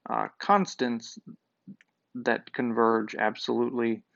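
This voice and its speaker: A man's voice: mid-range voice, level tone, slow pace, creaky, fairly bright tone, no echo. A man teaching a math lecture, working through a proof step by step and thinking aloud with occasional fillers. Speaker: math professor. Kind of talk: lecture at a board. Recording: dull lo-fi dry sound.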